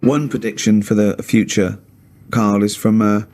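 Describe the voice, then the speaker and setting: A man's voice: on the low side, steady tone, measured pace, darkish tone. A man hosting a radio chat show, telling a story and teasingly probing his co-hosts with questions.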